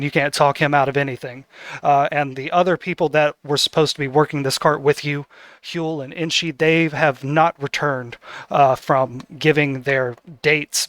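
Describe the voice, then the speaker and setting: A man's voice: fairly high pitch, fairly bright tone, no room sound, clean studio sound. A man narrating as game master of a tabletop game, setting scenes with descriptive narration and fillers.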